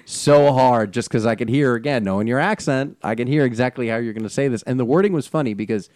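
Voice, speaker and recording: A man co-hosting a casual chat, animated and laughing often, talking fast. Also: mid-range voice, dry recording, clean studio sound. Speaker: podcast co-host. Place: Los Angeles area.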